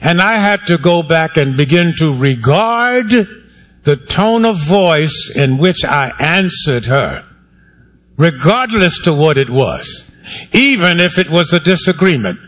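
A man preaching in a church sanctuary, his voice sitting a little higher than most men's. He talks to the congregation in a wry, conversational way and draws them in with questions. The delivery is a sermon, not a lecture. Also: big pitch swings, takes it slowly, fairly bright tone. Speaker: pastor.

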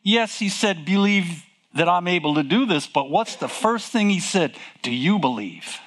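Male preacher, high voice, slow deliberate delivery, emphatic and repetitive, rhetorical questions. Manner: emphatic, repeats phrases, exclaims with excitement; asks rhetorical questions to the listeners. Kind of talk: sermon.

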